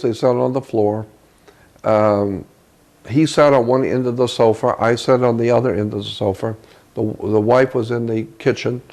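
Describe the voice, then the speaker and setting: A man with a gravelly, mellow voice tells a story from his own life as an interview guest. He talks in a halting way, repeating words while he reaches for the right ones, and his pitch sits in an ordinary middle range. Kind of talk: recounting a personal story.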